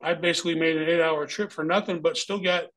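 A man's voice: a little high, steady tone, fast, a bit bright, low-quality recording. A middle-aged man, a former pro wrestler, telling a story as an interview guest in a blunt, heavily profane way.

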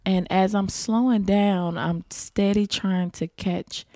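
Woman podcast guest, unhurried, vivid storyteller. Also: medium pitch, fairly even intonation, dark tone, dry recording, clean studio sound. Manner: vivid storyteller, addresses listeners as y'all. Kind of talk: casual storytelling.

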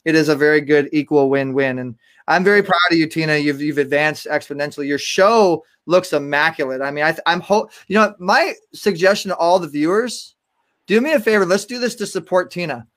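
A man's voice: fairly high pitch, fairly quick, fairly bright tone. A man speaking as a guest on a live stream, enthusiastic and repeating words as he goes. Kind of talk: casual live-stream talk.

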